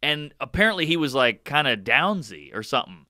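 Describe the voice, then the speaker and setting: A man telling stand-up stories in a podcast chat, acting out what people said with sudden jumps in pitch. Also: very animated, a little fast, bright, forceful tone, no room sound. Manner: acts out quotes with big jumps in pitch. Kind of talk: podcast chat, comic storytelling.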